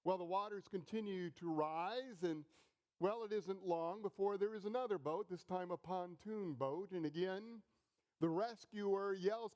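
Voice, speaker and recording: A middle-aged pastor delivering a sermon with a fairly high voice. He speaks slowly, letting phrases land one at a time in deliberate storytelling. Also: darkish tone. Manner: slow, deliberate storytelling with pauses.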